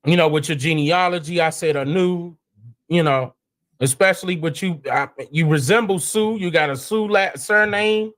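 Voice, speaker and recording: At a moderate pace, this live-stream host, a man whose voice is notably high, talks in casual slang with stumbles and restarts, often leaping into excited, incredulous outbursts.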